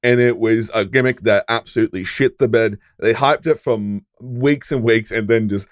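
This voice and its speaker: A man's voice: lowish voice, moderate pace, no room sound, studio quality. A man co-hosting a podcast, chatting eagerly and adding trivia. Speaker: podcast co-host. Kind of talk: casual chat.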